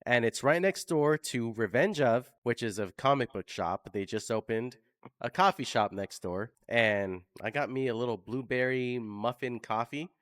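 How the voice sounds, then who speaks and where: A man's voice: mid-range voice, normal speed, fairly bright tone, dry recording, studio quality. Upbeat chatty male podcast host. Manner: upbeat, chatty storyteller with filler words. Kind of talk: casual interview chat.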